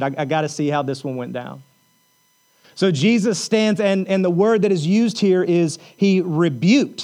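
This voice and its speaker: High-voiced man preaching a sermon. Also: a little mellow. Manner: earnest preaching with repeated phrases. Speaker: pastor.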